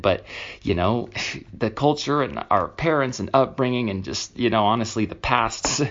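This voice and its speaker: Brief: low-pitched man, confessional podcast host, dull lo-fi sound. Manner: candid, confessional, rambling, emphatic. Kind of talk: casual solo podcast monologue.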